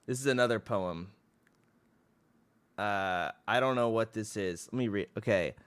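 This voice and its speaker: A man's voice: on the low side, unhurried, a bit bright, clean tone. Loose, profane young man streaming. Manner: loose, profane, laughs at himself. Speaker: livestreamer. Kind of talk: casual stream chat. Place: home streaming room, indoors.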